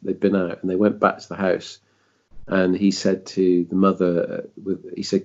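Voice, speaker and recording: Low gravelly southern English man. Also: flat delivery, normal speed, dull audio. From south of England. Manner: rambling, hesitant storytelling with frequent swearing. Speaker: podcast host. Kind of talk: casual chat.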